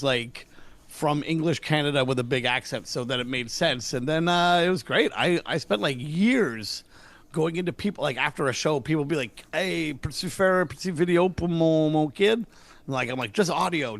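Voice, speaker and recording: A middle-aged man, a comedian guest, telling stories in a casual interview and acting out the dialogue with lively voices. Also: on the high side, normal speed, no echo. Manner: energetic, acts out dialogue with voices.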